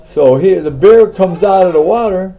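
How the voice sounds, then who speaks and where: A man telling a folk tale in an unhurried way, with fillers and restarts, on a dull lo-fi recording. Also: high voice, expressive. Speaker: storyteller. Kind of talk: oral folk storytelling.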